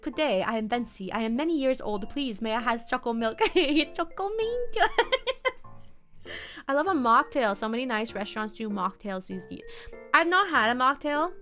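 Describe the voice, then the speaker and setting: Young woman streamer, casual chatty delivery, giggly, bright and a touch high. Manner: giggly, chatty, often laughing; reads and answers chat messages. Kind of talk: casual live-stream chat.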